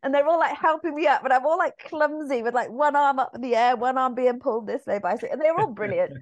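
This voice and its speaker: A woman with an English accent, a musical theatre actress chatting as a podcast guest and telling lively anecdotes, acting out the lines she quotes. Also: high-pitched, fast talker, highs cut off. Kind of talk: casual anecdotal chat.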